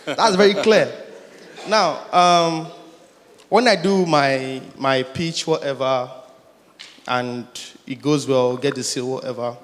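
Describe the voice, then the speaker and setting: A man in the audience stands up to ask a question, and his voice sits in a middle range. He tells his story in an animated way, with laughing asides. The sound echoes with a long reverb in a large hall. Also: medium pitch, slow. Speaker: audience member asking a question. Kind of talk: conference Q&A question.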